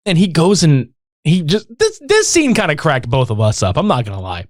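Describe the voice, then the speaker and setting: A man co-hosts a movie podcast, telling scenes with a lively voice that swings up and down and sits a bit high. The sound is dry and close. He swears freely and slips into the characters' lines as he goes. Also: normal speed, dry recording. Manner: animated storytelling, heavy swearing, acts out quotes. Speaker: podcast co-host. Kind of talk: casual chat, movie recap.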